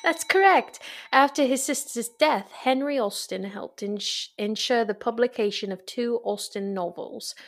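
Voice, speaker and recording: A woman's voice: fairly high pitch, unhurried, hardly any pauses. Woman podcast host, chatty n playful, quizzing her cohost. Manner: chatty, playful, laughs often. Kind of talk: casual chat, reading quiz questions.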